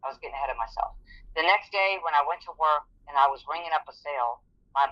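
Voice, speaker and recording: A woman's voice: low-pitched, quick pace. A middle-aged woman, an interview guest, telling her personal story in an earnest, vivid way. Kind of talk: personal testimony in conversation. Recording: dull lo-fi audio.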